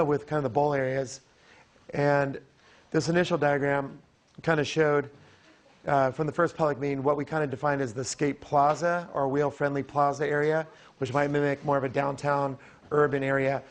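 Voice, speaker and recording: Hoarse male presenter, slightly high voice, explanatory and filler-heavy, public meeting. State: hoarse, losing his voice. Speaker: design firm presenter.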